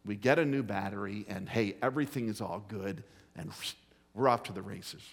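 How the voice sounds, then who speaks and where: A middle-aged man preaching a sermon as pastor, telling a folksy story with emphatic, drawn-out phrasing. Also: on the low side, vocal fry. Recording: long hall reverb.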